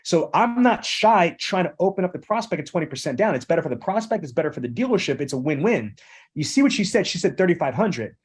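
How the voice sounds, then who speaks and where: A man's voice: fairly high pitch, sing-song, fast, husky. A middle-aged man hosting a sales training podcast. He coaches with emphasis and keeps repeating "again" and "okay". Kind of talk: energetic sales training with role-play.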